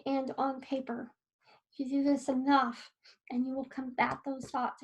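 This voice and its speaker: Earnest high-voiced woman coaching. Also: a little mellow, low-quality recording. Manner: earnest and encouraging, grows emotional. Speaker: wellness coach. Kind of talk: casual talk to camera. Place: home desk in a sunny room.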